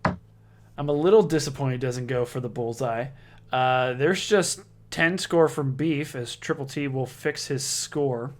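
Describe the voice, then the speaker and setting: A man's voice: medium pitch, measured pace. A man giving casual play-by-play commentary on a darts league, chatty, reading out scores and viewer comments.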